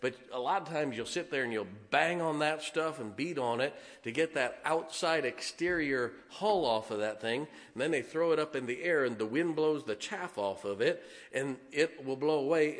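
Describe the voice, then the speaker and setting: A man's voice: medium pitch, moderate pace. A man preaching a sermon in a folksy, conversational way as pastor, demonstrating points with props. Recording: long hall reverb.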